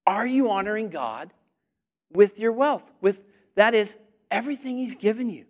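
A man preaching a lively sermon to a congregation, energetic with call-and-response, rising at times almost to a shout. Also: sits high, normal speed.

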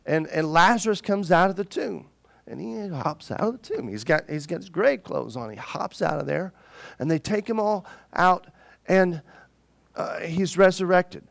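A man preaching a sermon as a pastor, telling the story in an animated, joking way. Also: high voice, normal speed, gravelly.

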